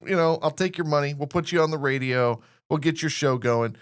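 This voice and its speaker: A man's voice: a little high, a little fast, smooth. A man hosting a radio interview, telling a casual story and acting out the quoted dialogue in an emphatic way. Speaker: radio show host.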